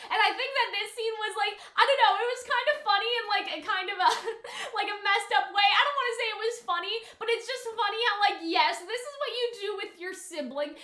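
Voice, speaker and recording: A woman's voice: high-pitched, pushed and bright, echoey room. A young woman casually analyzing a cartoon episode, chatty and full of "like" and "right?" fillers. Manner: chatty, frequent "like" and "right?" fillers, giggly asides. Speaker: YouTube cartoon reviewer. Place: home studio room.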